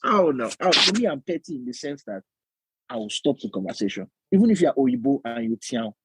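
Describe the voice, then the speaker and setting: A young man with a Nigerian accent, co-hosting a podcast in casual chat, animated and often acting out other voices with laughter. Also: mid-range voice, fairly quick, breathy edge, no room sound. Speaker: podcast co-host.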